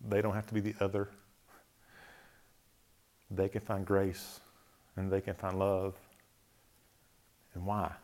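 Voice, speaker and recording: A man's voice: sits low, little pitch movement, darkish tone. Reflective man, chuckling between thoughts. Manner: thoughtful, chuckles often, lists words slowly. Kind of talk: reflective talk on faith.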